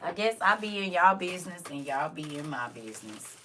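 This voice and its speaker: An older grandmother chats on a live stream, talking right to her viewers. Her voice is bright and a little tense. She sits a bit back from the camera mic, so she sounds slightly distant. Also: fairly low pitch, big pitch swings, a little fast, a little hiss or hum. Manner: chatty, talks straight to viewers. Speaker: vlogger. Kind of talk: casual live stream chat.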